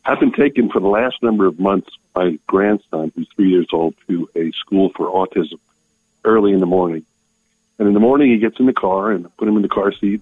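Older man caller, deep husky voice, tinny phone line. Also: no echo. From Maryland. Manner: heartfelt, hesitant, choked up. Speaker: radio caller.

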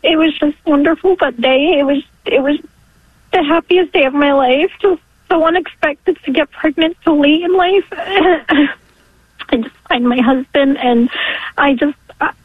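A woman in her forties calling in to a radio show, tearful and halting as she gives an emotional testimony. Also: sits high, dry recording. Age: 40s. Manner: halting, with apologetic laughs. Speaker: caller. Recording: dry tinny phone line.

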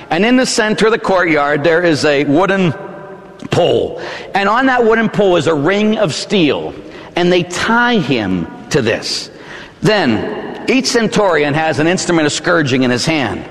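Brief: dramatic male preacher, lively pitch swings, theatrical storytelling. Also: long reverb tail. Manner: vivid, theatrical storytelling with sudden shouts. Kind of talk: dramatic sermon.

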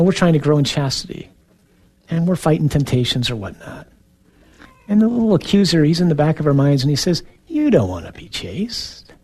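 A male priest preaching with an earnest, conversational warmth and frequent soft asides. His voice sits a little high for a man. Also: slightly rough. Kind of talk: sermon.

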